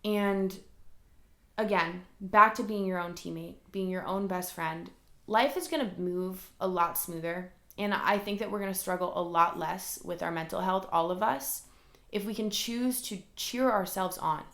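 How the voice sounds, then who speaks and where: A woman's voice: on the low side, unhurried, fairly bright tone, roomy sound. A woman hosting a solo motivational podcast from her room at home, talking earnestly and rambling, with lots of "like" fillers. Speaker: podcast host. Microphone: recorded alongside a camera.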